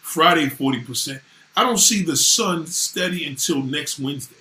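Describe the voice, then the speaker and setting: A man ranting casually to viewers, animated and swearing freely. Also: fairly high pitch, normal speed. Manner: animated, swearing, voices others in quotes. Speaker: vlogger talking to viewers. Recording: echoey room.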